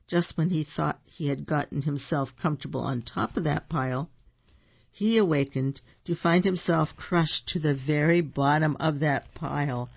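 A gravelly, unhurried voice reading a picture book aloud, stopping now and then for asides about the pictures. The recording sounds dull and lo-fi. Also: mid-range voice. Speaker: storybook reader.

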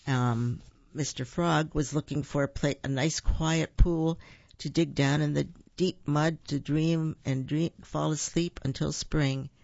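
Gravelly reader doing a kids storybook, little ums to explain stuff, muffled dry sound. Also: mid-range voice, steady tone, a little mellow, no echo. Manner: pauses with ums to explain words to listeners. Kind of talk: reading a children's storybook aloud. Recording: dull, dry recording.

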